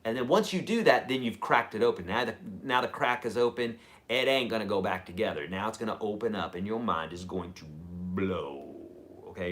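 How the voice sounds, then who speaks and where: Man, guitar teacher, live stream lesson, energetic, chatty, big pitch swings. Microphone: camera mic.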